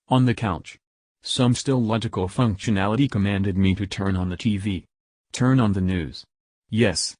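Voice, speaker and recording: A man narrating a story in a calm, measured reading voice. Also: fairly low pitch, dry recording. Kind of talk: scripted narration.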